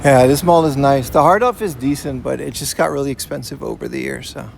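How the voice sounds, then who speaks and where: Here a male IRL streamer talks briskly in a creaky, mid-range voice as he walks city streets, carrying a portable rig that picks up slight background noise. His tone is laid-back as he reads out chat messages and replies, frequently using "man" and "you know."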